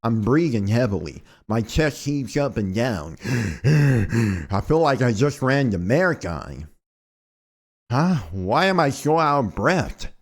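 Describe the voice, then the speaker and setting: A man's voice: medium pitch, very animated, slow, exaggerated voice. A man voicing a troubled young male student, reading his first-person narration and lines from a visual novel. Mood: uneasy.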